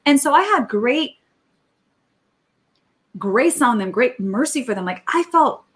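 Storytelling with energy, this high-voiced woman guest keeps the podcast chat casual and often restarts her thoughts quickly.

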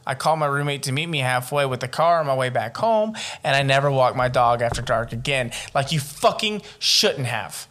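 Bright-voiced man reading a story aloud. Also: medium pitch, a little fast, hardly any pauses, a little hiss or hum. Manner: profane, joking commentary. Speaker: podcast host. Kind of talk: casual chat, reading a listener story aloud.

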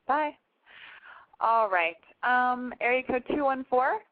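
A woman hosting a call-in show, blunt, profane and excitable in casual chat. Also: high-pitched, slow pace. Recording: tinny phone-like sound.

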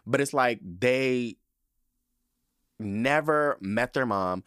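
A young man hosting a podcast in casual chat, sassy and animated, swearing often and getting choked up. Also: medium pitch, drawn-out words, clear, resonant tone, no room sound, studio quality. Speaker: podcast host.

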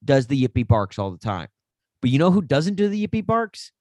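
A young man co-hosting a sports podcast, talking in a loose, rambling, self-deprecating way. His voice sits at an ordinary pitch. The sound is dry and close, with no room around it. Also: big pitch swings, a little fast, a little mellow, no echo. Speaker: podcast co-host. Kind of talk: casual sports chat.

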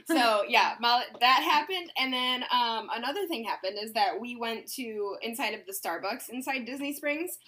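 Bright-voiced young woman, swearing and laughing. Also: on the high side, lively intonation, normal speed, hardly any pauses. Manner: swears a lot, laughs often, exasperated storytelling. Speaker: podcast co-host. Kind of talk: casual chat.

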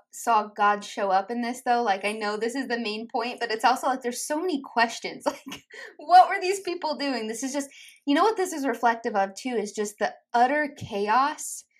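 A woman's voice: a little high, fairly bright tone. A woman hosting a faith podcast, reacting to her guest and reading a short sponsor message in casual chat. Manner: responsive, frequent affirming interjections. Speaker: podcast host.

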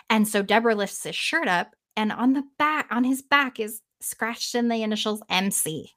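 A woman podcast host casually retelling a story in an animated way, swearing freely and trailing off now and then. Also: fairly high pitch, normal speed.

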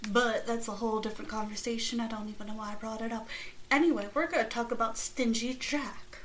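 A woman hosts her podcast in loose, casual chat, drifting into jokey asides. Her voice sits a little high. A faint background hum runs underneath. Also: poor audio. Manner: rambling and chatty, with jokey asides. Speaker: podcast host.

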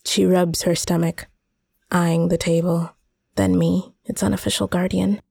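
Woman reading a story slow and wry, gravelly voice, dry close mic. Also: fairly low pitch, flat delivery, darkish tone, no echo. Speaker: reader. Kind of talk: first-person short story narration.

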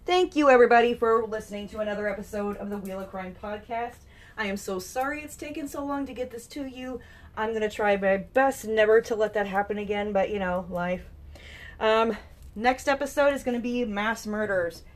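A woman hosting a casual true-crime podcast from home, chatty and opinionated, talking straight to her listeners. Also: on the high side. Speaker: podcast host. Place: home room with pets and a rooster nearby.

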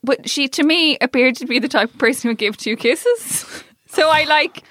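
High, bright woman chatting. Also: no echo. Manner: chatty, rambling, quick to laugh. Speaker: podcast co-host. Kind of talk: casual chat.

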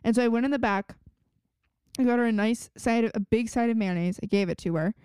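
Mellow-voiced young woman telling a story. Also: fairly high pitch, fast, clear, resonant tone, no room sound, clean studio sound. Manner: storytelling, indignant. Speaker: podcast co-host. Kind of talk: casual chat.

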